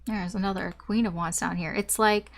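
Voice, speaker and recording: A young woman does a casual, rambling tarot reading, thinking out loud with lots of fillers and an occasional mild swear. Her voice has an ordinary middle pitch, a creaky quality and fairly even intonation, and she speaks at a normal speed.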